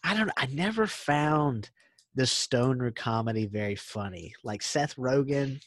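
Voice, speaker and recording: A young man co-hosting a podcast chats casually, eagerly retelling movie scenes and saying "dude" a lot. His mid-range voice is slightly bright with lively intonation and an unhurried pace, recorded with no room sound.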